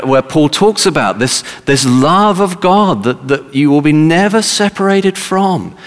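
A man's voice: on the high side, in a large hall. A man preaching a sermon emphatically, repeating words for stress.

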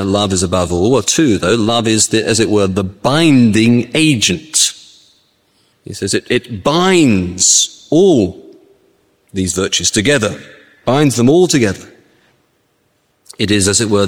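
A man preaching an expository sermon, talking through a Bible passage, his voice leaping high for emphasis and asking rhetorical questions. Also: long reverb tail.

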